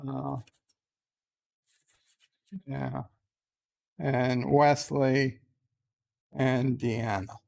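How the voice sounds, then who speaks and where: A man's voice: mid-range voice, flat delivery, very slow, vocal fry, long pauses, darkish tone. A man chatting casually as the streamer, rambling and hesitant with many fillers. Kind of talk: casual chat.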